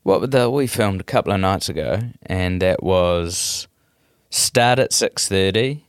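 A middle-aged New Zealand man with a fairly low voice tells stories in a loose, animated flow, restarting his sentences as he goes. The sound is dry and close, with no room around it. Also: measured pace, clear, resonant tone, dry recording. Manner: rambling, animated storytelling with many restarts. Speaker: comedian, guest. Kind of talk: casual interview chat.

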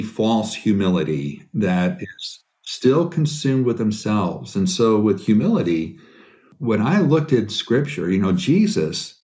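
A middle-aged man, a biblical counselor, answering interview questions in an earnest, storytelling way. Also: lowish voice. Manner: earnest, animated storytelling with quoted asides. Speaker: guest, biblical counselor and author.

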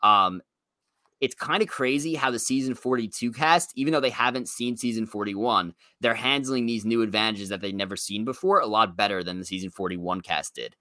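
A man talks his way through a casual recap chat, circling back on his points and leaning on "you know" at every turn. His voice is bright and forward. The recording is close and dry, with no room sound. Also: lowish voice, dry recording. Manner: rambling, fills every pause with "you know". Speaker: podcast co-host.

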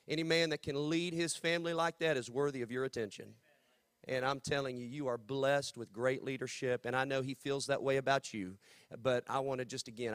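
A man's voice: mid-range voice, fairly bright tone, clean tone, dry recording, clean studio sound. A man from Texas with a Southern accent, preaching as a guest with a playful, joking manner. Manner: playful, joking, drawls "y'all". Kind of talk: sermon.

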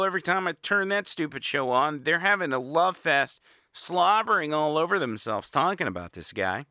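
A man's voice: high-pitched, pushed and bright, no room sound. A man giving an indignant, sarcastic political monologue as host, recorded in a small studio. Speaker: political commentator. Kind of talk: opinionated monologue.

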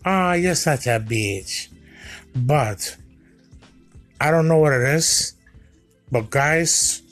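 Profane swaggering man hosting a podcast. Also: mid-range voice. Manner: profane, swaggering, drawn-out delivery. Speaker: podcast host. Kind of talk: crude comedic monologue.

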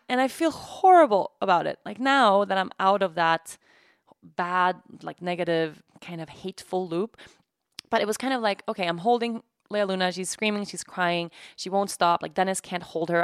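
Tired, halting woman with a gravelly low voice. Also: no echo, clean studio sound. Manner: halting, emotional, many restarts and "like". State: tired from sleepless nights. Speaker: podcast host. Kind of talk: candid personal monologue.

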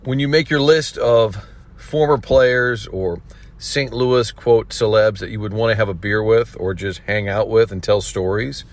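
A man's voice: lowish voice, unhurried. Chatty male talk radio host. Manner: chatty, enthusiastic wrap-up. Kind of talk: talk radio hosting and sponsor reads.

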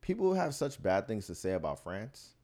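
A man's voice: lowish voice, moderate pace. A man co-hosting a podcast in casual chat, telling travel stories and acting out the people he quotes. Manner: animated storyteller, acts out the people he quotes. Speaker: podcast co-host.

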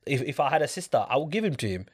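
In a casual discussion, a man with a medium-pitched, sing-song voice talks very fast and emphatically. He keeps asking his listener, "do you get it?"

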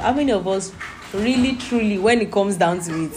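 A woman's voice: medium pitch, animated, brisk, over music. A woman teaching a Bible study, reading scripture aloud and explaining it patiently, asking her listeners questions.

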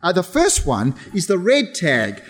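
A middle-aged man giving a lively children's talk in church, telling stories with playful sound imitations. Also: sits high, unhurried, husky. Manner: animated storytelling, imitates sounds.

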